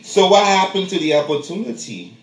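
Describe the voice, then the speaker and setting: A man's voice: high-pitched, sing-song, distant mic. Teasing New York man in an echoey room. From New York City. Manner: teasing, rapid-fire questions, laughing often. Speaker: podcast host. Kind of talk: casual chat. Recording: echoey room, mic set back.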